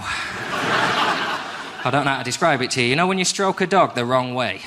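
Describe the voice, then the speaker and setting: A man's voice: mid-range voice, lively intonation, normal speed, pauses often. Man, 30s, northern English accent, stand-up comic, wry and self-deprecating, noisy live recording. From England. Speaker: stand-up comedian. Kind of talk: stand-up routine. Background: audience laughter.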